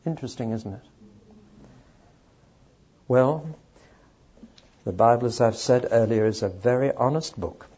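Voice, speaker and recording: A man's voice: mid-range voice, mellow, husky, muffled recording. A man preaching a sermon to a live audience, emphatic and speaking straight to the listeners. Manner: emphatic, addresses audience directly.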